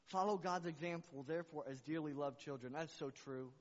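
A man's voice: on the high side, steady tone, a little fast, hardly any pauses. A man preaching a sermon as pastor, repeating words and building to fervent climaxes. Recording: long reverb, dull lo-fi sound.

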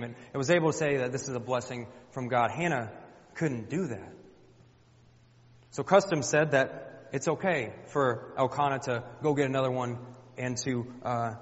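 A man preaching a sermon in a church, colloquial and emphatic, repeating phrases for effect. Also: mid-range voice. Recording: dull lo-fi with long hall reverb.

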